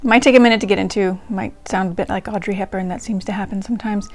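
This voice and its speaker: A woman's voice: medium pitch, steady tone, quick pace. A woman hosting a diary-reading channel, chatting to viewers in a rambling way. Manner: rambling and chatty, with many ums and restarts. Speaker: host reading old diaries. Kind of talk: casual chat to viewers. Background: faint ragtime music.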